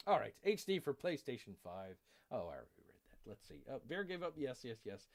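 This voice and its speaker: A man's voice: medium pitch, wildly swooping pitch, moderate pace, no echo. A man rambling casually on a live stream, repeating phrases and joking as he signs off. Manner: rambling, repeats phrases, playful growls and jokes. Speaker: streamer signing off a live show.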